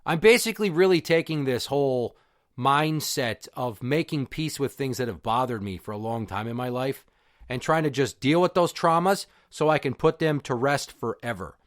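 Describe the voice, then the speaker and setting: A man's voice: mid-range voice, expressive, moderate pace, no room sound, studio quality. A middle-aged man, hosting a podcast and telling a personal story in a blunt, profane, heated way. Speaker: podcast host.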